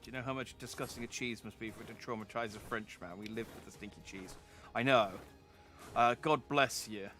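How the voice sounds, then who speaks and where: Guy streaming a game, chatty and rambly, keeps restarting, quiet music under it. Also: medium pitch, brisk. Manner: rambling, self-interrupting, chatty. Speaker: vtuber streamer. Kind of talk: casual game commentary.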